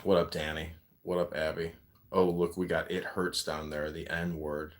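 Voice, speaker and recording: A man hosting a podcast in casual chat, rambling and swearing, with loud bursts of laughter. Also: a bass voice, flat delivery, normal speed. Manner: profane, rambling, laughs loudly. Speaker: podcast host.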